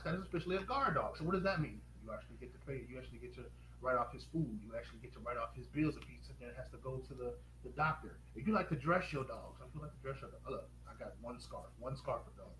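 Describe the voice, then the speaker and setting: A man hosting a live stream pitch, upbeat and quizzing viewers with rapid questions. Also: fairly bright tone. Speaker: host. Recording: echoey room with faint noise.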